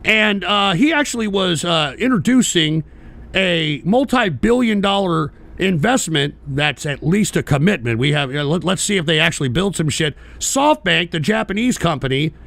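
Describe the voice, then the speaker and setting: Gravelly older man ranting angrily. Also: sits high, lively intonation, normal speed. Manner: angry, profane, shouting at times. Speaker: podcast host. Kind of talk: profane political rant.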